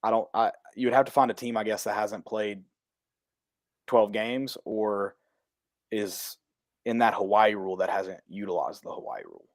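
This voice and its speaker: A man co-hosting a podcast in casual sports chat, rambling and cutting himself off, his delivery often flat. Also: lowish voice, moderate pace, no echo, clean studio sound. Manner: rambling, self-interrupting, flat delivery he jokes about. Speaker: podcast co-host.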